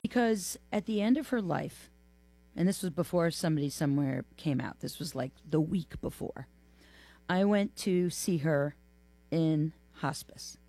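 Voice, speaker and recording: Interview guest, mid-pitched voice, emotional and halting, dry studio sound. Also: animated, mellow, dry recording. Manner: halting, heartfelt, pausing often. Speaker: memoir author, interview guest.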